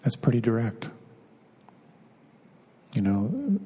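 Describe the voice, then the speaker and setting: A middle-aged man teaching meditation in a slow, halting way, often repeating a word as he feels for the next. His voice is low and mellow with a gravelly edge. Long reverb of a hall trails behind him. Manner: unhurried, halting, often repeats words as he searches. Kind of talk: spiritual talk.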